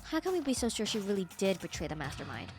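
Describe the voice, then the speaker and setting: A woman's voice: medium pitch, sing-song, quick pace, soft background music, close to an everyday voice. A woman voicing a cold, arrogant rich young man who dismisses the others, reading game dialogue aloud. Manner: dismissive, clipped.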